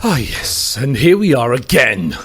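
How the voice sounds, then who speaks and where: A man's voice: medium pitch, big pitch swings, a little slow, a bit bright, slightly rough, faint music behind. A man hosting a radio talk show in a studio, chatting casually, laughing often and restarting his sentences.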